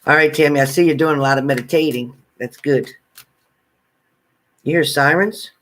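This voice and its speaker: A man's voice: a little high, normal speed, fairly bright tone, low-quality recording. Chatty man giving tarot readings. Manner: chatty, reassuring, talks directly to viewers by name. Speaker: tarot reader. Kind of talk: live-stream tarot reading and chat with viewers.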